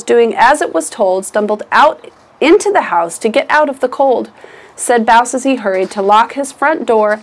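Woman, story time reader, rhyming book read aloud, rhythmic delivery, somewhat high voice. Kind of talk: reading a picture book aloud to children.

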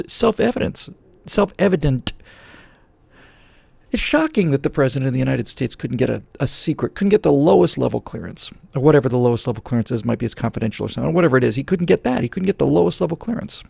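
A middle-aged man with a heavily gravelly, husky voice rants close to a studio mic. He sounds sarcastic and opinionated, and the sound is dry and close, with no room echo. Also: mid-range voice, darkish tone. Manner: sarcastic, ranting, jumps into mocking voices. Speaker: host answering viewer questions. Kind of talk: opinionated political monologue. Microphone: studio microphone, close.

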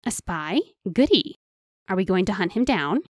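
A woman's voice: mid-range voice, normal speed, darkish tone, no room sound, clean studio sound, close to an everyday voice. A woman voicing a playful, sweet-toothed male enchanter who chatters theatrically in an audiobook. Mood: teasing. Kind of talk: audiobook character voice.

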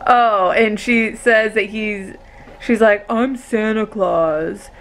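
A young woman and mother filming a casual home vlog on a handheld camera, gushing and excitable. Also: medium pitch, slow pace. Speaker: vlogger and mother. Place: family home.

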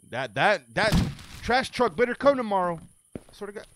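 A young man giving let's-play commentary on a game, excitable and profane, yelling and joking as he plays. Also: high voice, normal speed, noisy background. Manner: excitable, profane, yells and jokes. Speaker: gaming video creator. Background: game music.

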